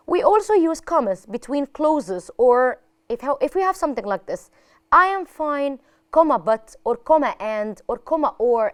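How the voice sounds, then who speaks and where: An Egyptian woman gives a televised English lesson, moving between English and Arabic as she explains. Her voice sits a little high and sounds smooth and clear, and she stresses each example sentence. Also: a little mellow. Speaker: English teacher. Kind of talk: classroom lesson on a TV channel.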